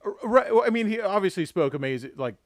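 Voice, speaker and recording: A man's voice: sits high, expressive, fast talker, no echo. Man, livestream host, casual banter, laughs a lot, swears casually, dry close sound. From Tampa area.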